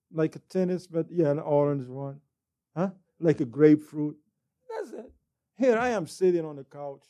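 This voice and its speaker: Man preaching with a dark, mellow voice. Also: on the high side. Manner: animated storytelling with rising emphasis. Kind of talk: sermon.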